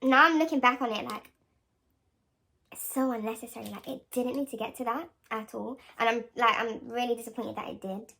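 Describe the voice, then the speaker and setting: A woman's voice: fairly high pitch, steady tone, brisk, gravelly, pushed and bright. A young woman, telling a story to camera in a casual vlog, rambling with lots of slang, swearing and filler words. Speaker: vlogger.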